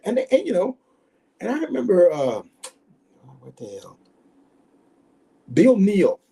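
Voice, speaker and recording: An older man in his sixties, a former football player, tells stories in an interview with lively swings in pitch, jumping into the voices of the people he quotes. His voice is mellow and slightly husky. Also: low-quality recording. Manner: animated storyteller, acts out quoted voices. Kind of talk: storytelling interview.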